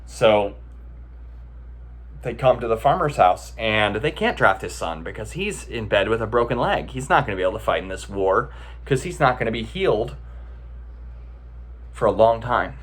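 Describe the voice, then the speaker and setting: A man's voice: lowish voice, animated, moderate pace, pauses often, husky. A man giving a casual, conversational talk as a meditation teacher, often checking in with the listeners as he tells a story.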